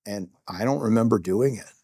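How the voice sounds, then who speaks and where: A man's voice: fairly low pitch, moderate pace, dark tone, breathy edge, dry recording, studio quality. A middle-aged man, a security guard, telling a first-person story in a candid, self-deprecating way, rambling with fillers.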